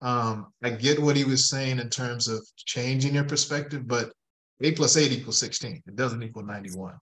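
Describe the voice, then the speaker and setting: A man in a team meeting, sharing his reflections in a thoughtful, measured, slightly halting way. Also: medium pitch, steady tone, a bit bright, poor audio. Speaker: team member. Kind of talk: casual group discussion.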